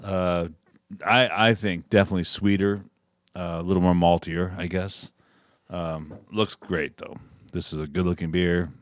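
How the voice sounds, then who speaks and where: A man's voice: deep voice, fairly even intonation, measured pace, dry recording, studio quality. A man co-hosting a podcast in casual chat, joking and swearing freely. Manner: swearing, joking, loose banter. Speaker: podcast co-host.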